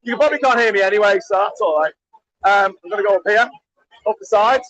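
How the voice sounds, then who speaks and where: High-voiced excited man streaming. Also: quick pace, poor audio. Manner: shouting greetings, cheering, chatty. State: getting hoarse. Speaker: live streamer. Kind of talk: excitable live stream at a party. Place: crowded indoor party venue.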